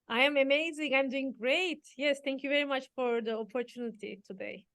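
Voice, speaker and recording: A woman's voice: high-pitched, fairly quick, a bit bright, dry recording. A woman from Turkey with a Turkish accent, a real estate broker answering interview questions in an earnest, candid way.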